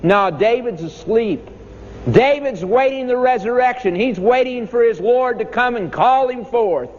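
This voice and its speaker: Man, preacher, sermon, high voice, emphatic delivery, echoey hall. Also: expressive, a little slow, a little mellow. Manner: emphatic, dramatic rises and falls in pitch. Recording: echoey hall, dull lo-fi sound, faint noise.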